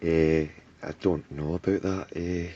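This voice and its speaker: A man playing an awkward, put-upon male politician hosting a talk show, in a dry, deadpan comedy sketch. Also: low voice, measured pace, no echo, lo-fi sound.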